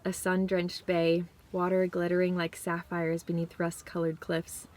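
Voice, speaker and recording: A woman's voice: on the low side, completely flat delivery, a little slow, a little mellow. A woman in her twenties chatting casually as a vlogger, bubbly and gushing, filming herself with a handheld camera. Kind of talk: casual vlog narration. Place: car and beach outdoors.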